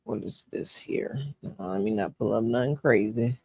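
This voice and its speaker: A woman hosting a reaction video, teasing and laughing loudly as she comments on a clip. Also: very deep voice, normal speed, gravelly, husky, no echo, clean studio sound.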